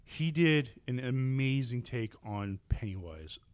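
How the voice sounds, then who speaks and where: A man in casual chat, telling long stories with plenty of restarts and fillers, and getting animated when something excites him. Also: medium pitch, takes it slowly, smooth, dry recording. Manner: rambling, with frequent restarts and fillers; enthusiastic, animated storytelling.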